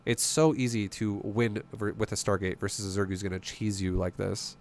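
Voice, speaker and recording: A man's voice: lowish voice, fairly even intonation, moderate pace. Blunt, profane man coaching gamers. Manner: blunt, profane, emphatic, asks rhetorical questions. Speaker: streamer and game coach. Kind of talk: game coaching commentary.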